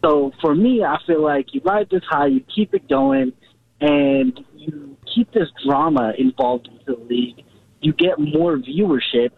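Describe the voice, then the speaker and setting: Male caller, lively pitch, phone-thin sound, keeps circling back to his point. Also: a little slow, gravelly, breathy edge. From California. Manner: earnest, repeats himself, restarts. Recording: tinny phone line.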